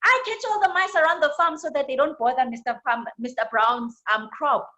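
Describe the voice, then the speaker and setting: A woman's voice: high-pitched, fairly quick, pushed and bright, pitched above the performer's own voice. A woman voicing a haughty farm cat who taunts, with a South African accent. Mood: taunting.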